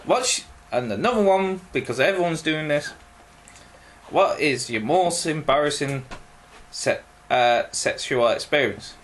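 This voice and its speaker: A young man answering viewer questions in a casual video, halting and full of ums. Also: fairly high pitch, expressive. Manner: slow, halting, many ums and pauses. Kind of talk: casual Q&A vlog.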